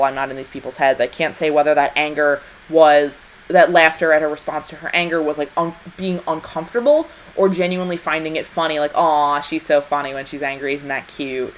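A woman's voice: low-pitched, a little hiss or hum, poor audio. A woman co-hosting a casual film review, talking in a passionate, emphatic way and repeating phrases for stress. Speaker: podcast co-host.

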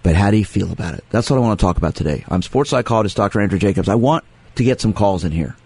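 A man's voice: fairly low pitch, animated, rapid-fire, creaky, darkish tone, slightly rough. A man who is a sports psychologist hosting a call-in radio show, speaking earnestly and with emphasis, repeating his key phrases. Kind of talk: radio talk monologue taking calls.

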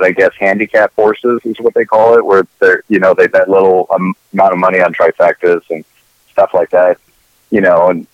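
A man's voice: low voice, no room sound, dull audio. A man co-hosting a casual talk show, rambling and opinionated with lots of profanity. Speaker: podcast co-host. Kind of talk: casual chat.

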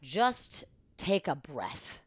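Rambling, swearing woman with low voice. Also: drawn-out words, slightly rough, no echo. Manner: rambling, animated, swears freely. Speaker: podcast guest. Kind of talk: casual storytelling chat.

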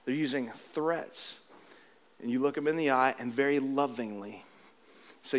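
A pastor preaching a sermon, animated and joking at times, then dropping into a low, earnest tone as he tells a story from his church. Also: unhurried, long pauses.

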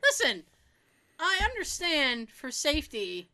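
A woman chatting casually, telling an animated story, laughing often and acting out the people she quotes. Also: sits high, unhurried.

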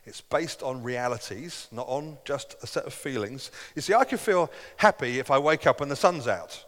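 A man's voice: mid-range voice, lively intonation, moderate pace, a bit bright. A middle-aged man preaching a sermon as pastor, earnest and conversational, acting out quoted voices. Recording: long hall reverb.

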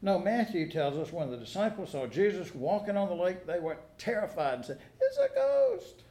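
With a fairly high, dark-toned voice, this pastor works through a sermon of folksy anecdotes, dry wit and questions aimed at the congregation. The sanctuary's echo is audible in the recording.

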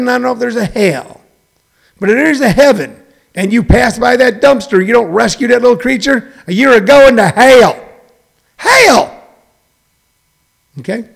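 A middle-aged man holds forth in a rambling comedic monologue, preachy and full of digressions. He lands his points loudly and trails off into mumbles, and his voice sits high for a man with a gravelly edge. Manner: preachy, digressive, shifts between loud emphasis and muttering. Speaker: show host.

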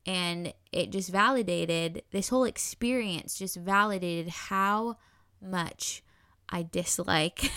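Candid, emotional woman with a low voice. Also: steady tone, takes it slowly, gravelly, a bit bright, smooth, no echo, studio quality. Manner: earnest, often laughs nervously between phrases. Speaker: new mother telling her birth story. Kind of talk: candid personal storytelling.

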